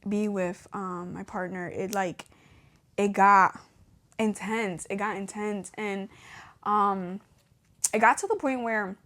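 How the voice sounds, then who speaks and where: A woman's voice: mid-range voice, fairly bright tone. Young woman, podcast host, casual testimony storyteller who acts out old dialogue with laughs. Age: young adult. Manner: casual, laughs often, acts out her own past dialogue.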